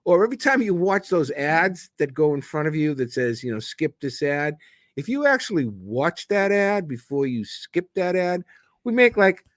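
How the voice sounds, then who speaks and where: A man's voice: high-pitched, normal speed, dry recording, studio quality. A man in his seventies from Sicily, co-hosting a casual live stream and telling rambling, joking stories. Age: 70s. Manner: rambling, joking, animated storyteller. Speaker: co-host. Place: home in Sicily.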